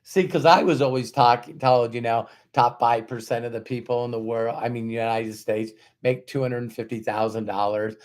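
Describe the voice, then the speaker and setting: A man's voice: medium pitch, fairly even intonation, normal speed, few pauses. A man giving a motivational talk, telling stories in a conversational way, repeating words for emphasis and acting out quoted dialogue with rhetorical questions. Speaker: motivational speaker.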